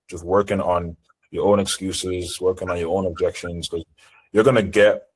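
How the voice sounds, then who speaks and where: On an online group call, a male sales trainer leads a live seminar in a low, slightly mellow, husky voice. His coaching is direct and assertive, and the recording quality is low.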